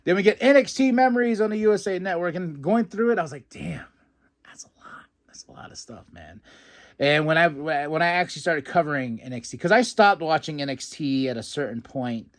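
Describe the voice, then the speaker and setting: A young man talking through a wrestling recap in a casual, animated way. His voice sits a little higher than most men's. He jumps into put-on voices to quote people and laughs between points. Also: fast, hardly any pauses. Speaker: podcast host recapping wrestling.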